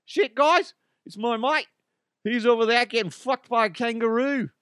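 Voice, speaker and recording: A man voicing a rowdy Australian bloke in a high, chatty, put-on Australian accent. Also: moderate pace, fairly bright tone, clear, resonant tone, no room sound, studio quality.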